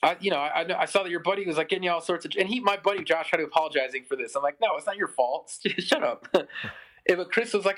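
A man's voice: high-pitched, racing. A man in his thirties, a musician, telling a long story in a casual podcast chat, full of "like" and acted-out quotes. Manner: rambling, lots of "like", animated quoting. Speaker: musician guest.

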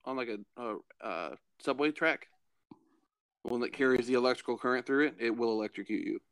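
A man's voice: medium pitch, fairly quick, fairly bright tone, clean tone. A man co-hosting a casual comedy podcast, reading strange news items and laughing between them. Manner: laughs between lines while reading odd headlines.

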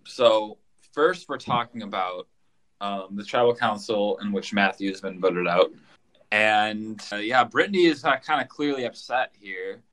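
Low, bright-voiced man recapping. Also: unhurried, low-quality recording. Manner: rambling, repeats words. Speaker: podcast co-host. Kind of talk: casual recap chat.

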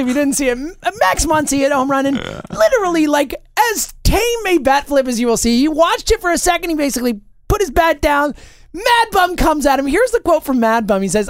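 A podcast co-host in casual sports chat, telling stories with animated energy and wry teasing. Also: sits high, fairly quick, no echo, studio quality.

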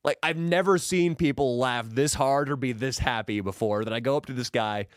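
A man telling a crude story in a casual podcast chat, profane and animated. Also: moderate pace, no echo, studio quality. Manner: animated, profane, mimics people in high put-on voices. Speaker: podcast guest.

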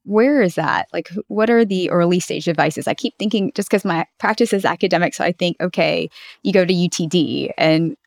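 A woman physician co-hosting, asking curious questions and thinking out loud as she goes. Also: on the low side, a little fast, gravelly, no room sound, clean studio sound. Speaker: co-host, physician. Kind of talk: conversational podcast chat.

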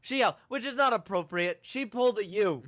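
A man with a high, bright voice tells a story on a podcast and slips into voices for the people in it. His delivery is animated and jokey. The sound is close and dry. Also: a little fast, dry recording. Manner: animated, acts out quoted people with shouts and laughs. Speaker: podcast host. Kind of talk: casual storytelling chat.

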